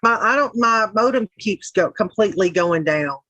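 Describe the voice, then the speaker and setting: A woman's voice: mid-range voice, lively intonation, moderate pace, fairly bright tone, no echo, highs cut off. Rambling, cussing Southern woman streamer. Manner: rambling and profane, laughing as she goes. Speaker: livestream host. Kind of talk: casual chat reading live comments.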